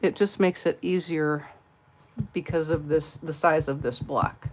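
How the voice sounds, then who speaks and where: At her crafting table, a middle-aged Californian woman with a Southern accent runs a live card-craft tutorial, playful, chatty and self-deprecating. Her voice is deep and somewhat dark, with a steady tone and measured pace.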